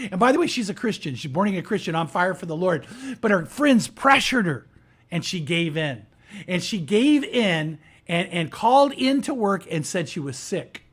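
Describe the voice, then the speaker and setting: A man preaching from the pulpit, telling a story in a chatty, animated way. His voice sits a little higher than most men's and climbs further whenever he voices the people in his story. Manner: conversational, animated, raises pitch for quoted characters. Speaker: pastor. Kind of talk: storytelling sermon.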